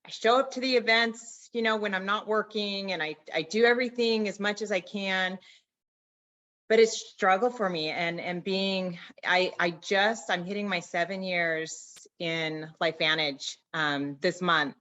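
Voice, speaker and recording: A woman telling an emotional personal story on a video call, halting and restarting as she holds back tears. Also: medium pitch, steady tone, fairly bright tone. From Arizona. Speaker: network marketing distributor sharing a story. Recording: dull lo-fi video call audio.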